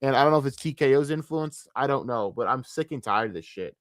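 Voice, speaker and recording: A man's voice: mid-range voice, lively intonation, quick pace, dry recording, clean studio sound. A young adult American man ranting casually on a livestream, frustrated and profane, often stammering and restarting his sentences. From United States. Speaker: streamer.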